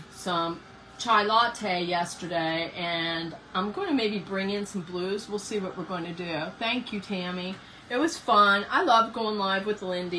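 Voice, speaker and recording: A woman's voice: medium pitch, pushed and bright, slight background noise, low-quality recording. Chatty woman hosting a craft stream. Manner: chatty, greets viewers by name, thinks aloud. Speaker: craft host. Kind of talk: live craft painting demo. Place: home craft room.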